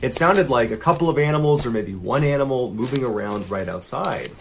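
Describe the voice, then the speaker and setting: Animated male horror storyteller. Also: fairly quick, creaky, background noise. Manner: dramatic, drops to a hush for tense moments and rises high for panicked quotes. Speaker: narrator of true scary stories. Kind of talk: storytelling narration.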